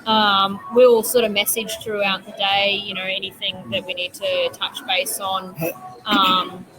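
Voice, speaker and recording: A woman's voice: mid-range voice, flat delivery, a little slow, music in the background, poor audio. A woman, a podcast guest chatting casually and telling stories with many ums. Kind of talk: casual chat.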